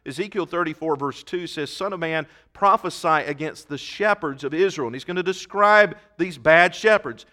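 A man delivers a sermon in a high, bright voice. He reads scripture aloud and then stresses the key words emphatically, now and then restarting a phrase. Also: normal speed, few pauses. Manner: occasional restarts and fillers. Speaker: pastor.

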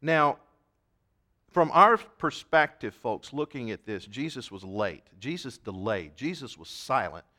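A man preaching a sermon, reading scripture aloud and swinging between loud emphatic shouts and quiet asides. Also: medium pitch, sing-song, a little slow. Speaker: pastor.

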